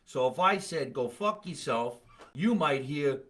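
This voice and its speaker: A man's voice: a little high, animated, a little slow, fairly bright tone. Blunt, profane male comedy podcast host. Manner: blunt, profane, rambling storytelling. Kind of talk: casual comedic chat.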